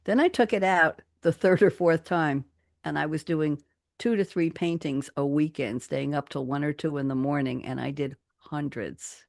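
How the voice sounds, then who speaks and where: Woman host, lowish voice, dry close sound, lively chatty storyteller who laughs as she goes. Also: normal speed, gravelly, dry recording. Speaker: radio show host. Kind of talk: casual chat. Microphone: studio microphone.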